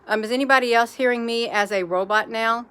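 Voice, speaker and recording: Woman, casual live-stream host; rambling and chatty, bright tone. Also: a little high, fairly even intonation, brisk, clean tone. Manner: rambling, chatty, addresses viewers as "you all".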